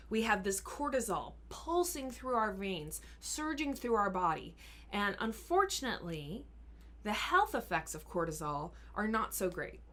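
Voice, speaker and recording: A woman health coach answering questions in a live Q&A. She talks in an earnest, encouraging way, explains things step by step, and sometimes slows down and softens her voice to show calm speaking. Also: on the high side. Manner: sometimes drops to a slow, soft voice to model calm speaking. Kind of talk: live Q&A advice talk.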